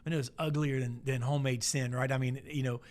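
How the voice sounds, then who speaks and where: A man gives a folksy motivational talk, telling stories and slowly repeating his key lines for emphasis. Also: mid-range voice, fairly even intonation, darkish tone. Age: 40s. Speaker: motivational speaker.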